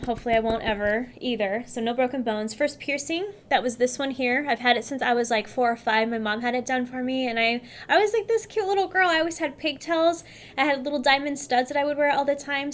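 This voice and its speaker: Friendly woman from California, casual to-camera vlog chat, a touch high-pitched. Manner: chatty, upbeat, addresses viewers directly. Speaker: beauty vlogger.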